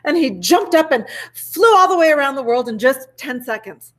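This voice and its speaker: A woman teacher reading a picture book aloud to children with expressive, animated storytelling. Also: high-pitched, moderate pace. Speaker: elementary school teacher.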